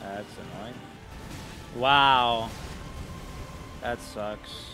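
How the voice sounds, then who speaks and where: A man's voice: mid-range voice, very slow, music in the background. A man giving casual gameplay commentary, swearing and trash-talking the bosses. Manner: profane, excitable, trash-talks bosses. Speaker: gaming video creator.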